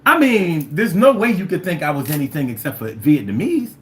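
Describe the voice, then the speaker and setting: A man's voice: a little high, big pitch swings, fairly quick. Philly man, playful stream host. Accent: Philadelphia. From Philadelphia, USA. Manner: playful, riffing and breaking into sing-song chants. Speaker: livestream host. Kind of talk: casual livestream chat, reading viewer comments.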